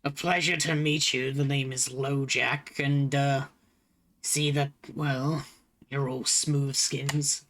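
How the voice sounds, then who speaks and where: Guy doing a gruff slangy mutant dude from the sewers, coarse and blunt. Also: mid-range voice, flat delivery, takes it slowly, a bit bright, a little hiss or hum. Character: gruff male sewer mutant with tendril arm.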